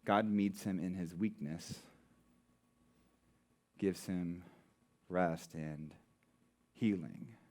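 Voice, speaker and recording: A married man who preaches as a pastor, posing rhetorical questions and slowing down for emphasis. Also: sits low, darkish tone. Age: adult, married. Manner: rhetorical questions, dramatic slowing on key words. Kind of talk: sermon.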